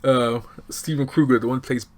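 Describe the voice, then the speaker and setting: A man with casually recapping a TV episode, animated and chatty, acting out lines from scenes. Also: mid-range voice, a little fast. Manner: animated, chatty, acts out quotes. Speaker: TV show reviewer.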